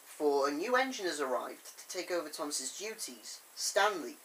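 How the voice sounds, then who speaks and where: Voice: medium pitch, very animated, normal speed, a bit bright, low-quality recording. Brief: enthusiastic fan vlogger, rambling review, tripod camera, faint hiss. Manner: enthusiastic, chatty, with many fillers.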